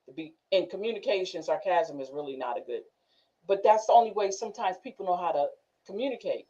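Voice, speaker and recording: Woman, lively storyteller, mellow voice, laughs a lot, muffled lo-fi recording. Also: on the low side, fast talker. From northern United States. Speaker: class host. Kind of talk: casual group discussion.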